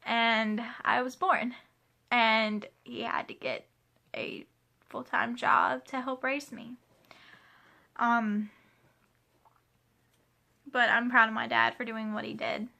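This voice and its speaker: A woman around twenty speaks casually from her home, wandering through questions with offhand asides. Her voice sits a little high and has a bright, forward edge. The delivery is chatty and unpolished. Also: flat delivery, takes it slowly, gravelly, pauses often. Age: 20s. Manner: chatty, rambling, laughs and asides. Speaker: vlogger. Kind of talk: casual chat answering a question tag. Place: home room with a pet playing.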